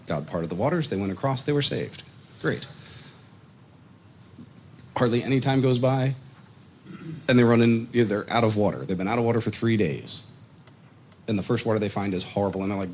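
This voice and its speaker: A man leads a casual Bible study on a microphone, telling the story in an animated way. His voice sits low, with faint background hiss. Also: a little fast, pauses often. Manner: animated storytelling, acts out quotes, chuckles. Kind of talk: casual teaching. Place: congregation meeting room. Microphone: microphone on a PA system.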